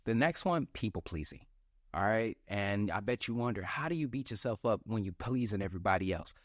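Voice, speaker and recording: Animated young man preaching self-help. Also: lowish voice, brisk, dry recording, studio quality. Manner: animated, preachy, slangy, acts out his inner voice. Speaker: podcast host. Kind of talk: motivational solo podcast talk.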